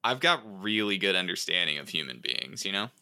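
A man's voice: low-pitched, very animated, fairly quick, sharp tone, smooth. A man co-hosting a podcast over a video call, chatting casually with dry jokes and frequent laughter. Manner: joking, laughs often, dry asides. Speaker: podcast co-host. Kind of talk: casual chat.

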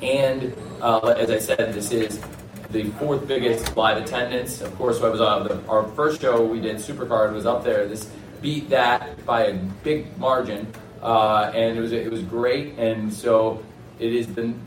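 Man, lowish voice, roomy echo, distant mic, noisy clip, press conference, executive. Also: fairly even intonation, unhurried. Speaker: wrestling company executive.

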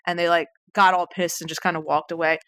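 A woman's voice: on the low side, little pitch movement, fast, fairly bright tone, no room sound. A woman in her thirties, a podcast guest, telling a story in casual, chatty talk full of swearing and "like". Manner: chatty, profane, many likes.

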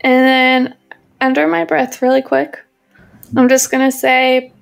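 High, gravelly-voiced woman player. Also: fairly even intonation, a little slow. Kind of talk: casual tabletop game play.

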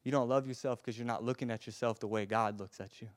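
A man's voice: medium pitch, steady tone, fast talker, dry recording. Passionate male preacher, dry close sound. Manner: passionate, swings from hushed to emphatic, repeats words when stirred. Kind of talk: sermon.

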